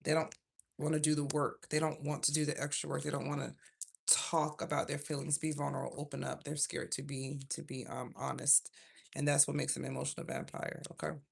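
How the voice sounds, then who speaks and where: A woman's voice: deep voice, flat delivery, fairly quick, gravelly, slightly rough. Chatty woman doing a tarot livestream. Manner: rambling, chatty, self-interrupting. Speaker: tarot reader. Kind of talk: casual livestream tarot reading.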